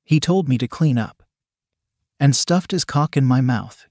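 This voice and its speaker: Mellow-voiced man reading a story. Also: medium pitch, expressive, a little slow, dry recording, clean studio sound. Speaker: narrator. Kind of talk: first-person erotic story reading.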